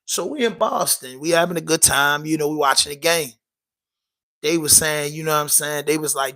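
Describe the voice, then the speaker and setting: Male podcast host, loose and emphatic, with a sharp, somewhat high voice. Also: moderate pace, low-quality recording. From Baltimore. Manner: loose, emphatic, peppered with "you know what I'm saying". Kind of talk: casual livestream chat.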